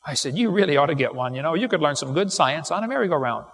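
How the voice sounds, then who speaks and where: A middle-aged man giving a live seminar lecture, telling folksy stories and firing off quick jokes to a live audience. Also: fairly high pitch, expressive, a bit bright. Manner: folksy, wisecracking, quick storytelling with punchlines. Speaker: creation seminar speaker. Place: large hall with live audience. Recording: live recording in a reverberant hall.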